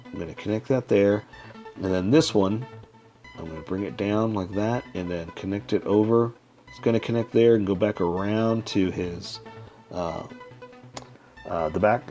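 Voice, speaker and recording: A man giving a casual, step-by-step drawing tutorial, talking while he draws and often checking in with a quick "okay?". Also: fairly low pitch. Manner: relaxed, talks while drawing, frequent "okay?" check-ins.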